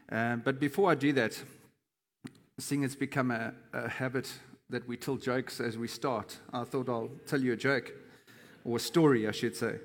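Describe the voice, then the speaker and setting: A chatty pastor man in a reverberant hall. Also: mid-range voice. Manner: conversational, hesitant with many fillers and restarts. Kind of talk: sermon. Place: church.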